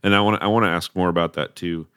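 A man hosting a casual interview, eager and quick to agree, with many fillers. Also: low voice, steady tone, pushed and bright, smooth, dry recording, clean studio sound. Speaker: podcast host.

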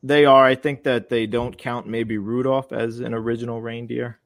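A man's voice: mid-range voice, flat delivery, moderate pace, no echo, clean studio sound. A man co-hosting a podcast, reading trivia questions in casual chat and mumbling at the ends of sentences.

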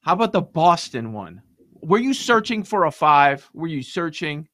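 A man's voice: a little high, big pitch swings, moderate pace, pushed and bright, no echo, clean studio sound. A man co-hosting a casual podcast chat, teasing and wry. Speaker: podcast co-host.

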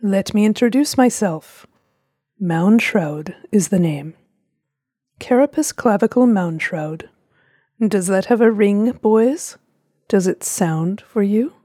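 A woman voicing a theatrical, sepulchral old male spirit who talks slowly and grandly. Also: lively intonation, mellow, no echo, studio quality. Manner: slow, booming, grandly ominous.

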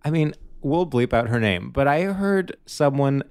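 A man's voice: medium pitch, expressive, measured pace, a little mellow, clean tone. A man co-hosting a casual chat podcast, speaking in a chatty, rambling way with many restarts. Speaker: podcast co-host.

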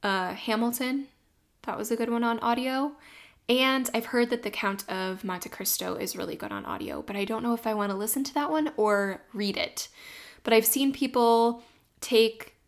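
A woman's voice: fairly high pitch, lively intonation, normal speed. A woman co-hosting a podcast in casual, chatty talk who laughs easily. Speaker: podcast co-host. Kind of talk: casual chat.

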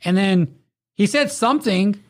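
A man telling wild nightlife stories to a friend in casual chat. He swears freely and acts out every line of dialogue. His pitch jumps around a great deal as he talks. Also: normal speed. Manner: rowdy, profane, animated storytelling with acted-out quotes. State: drunk.

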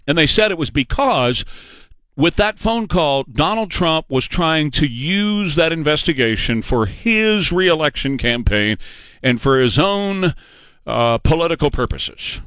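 A man's voice: fairly high pitch, very animated, measured pace, fairly bright tone, dry recording. A man giving an opinionated political monologue, emphatic and sarcastic, repeating phrases for effect. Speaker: political commentator.

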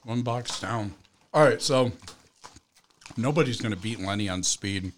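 A man's voice: lowish voice, measured pace, a little hiss or hum. A man hosting a casual livestream chat, joking and swearing while eating. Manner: joking, profane, eats while talking. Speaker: host.

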